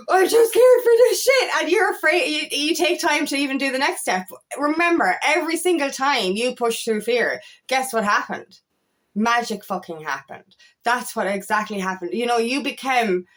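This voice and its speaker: A woman's voice: high voice, a bit bright. A woman coach giving a motivational talk to camera, emphatic and blunt, swearing freely and repeating her points. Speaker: feminine empowerment coach.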